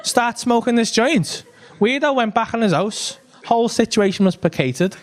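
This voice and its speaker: Animated comedian, high voice. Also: male voice, moderate pace. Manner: animated, swearing, laughs at his own story. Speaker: stand-up comedian. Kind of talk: stand-up storytelling. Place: comedy club stage.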